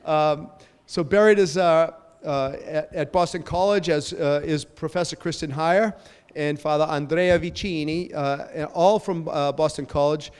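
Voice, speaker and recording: A man's voice: fairly high pitch, fairly even intonation, a little slow, a little mellow, smooth. Man, parish pastor, casual rambling welcome, fillers, jokes at himself, long hall reverb. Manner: chatty, rambling, self-joking, with frequent fillers. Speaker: parish pastor hosting a panel. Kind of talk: welcoming remarks to a parish gathering.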